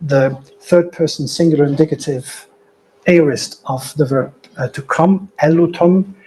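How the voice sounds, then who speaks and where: A man's voice: on the high side, fairly even intonation, unhurried, darkish tone, slight background noise, rough recording. An older man from the Netherlands, Dutch by birth, giving an academic lecture in a digressive way with many fillers and asides.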